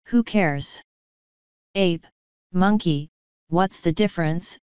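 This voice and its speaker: A woman voicing an angry, pompous male wizard who snarls and forces himself to sound calm. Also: lowish voice, takes it slowly, smooth, no room sound, highs cut off. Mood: seething.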